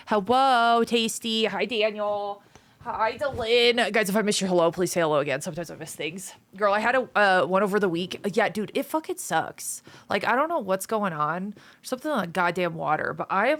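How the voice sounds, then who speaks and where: A woman's voice: medium pitch, fairly bright tone. A chatty woman streamer talking casually with her viewers, greeting them one by one and swearing freely. Her voice sounds dry and close, with no room echo. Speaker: live streamer.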